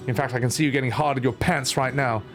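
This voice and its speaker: A man with an Australian accent voicing a gentle young queen turned cold ruler, solemn lines broken by swearing. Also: medium pitch, fairly even intonation, fast talker, soft background music, close to an everyday voice. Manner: mock-solemn, swears mid-speech.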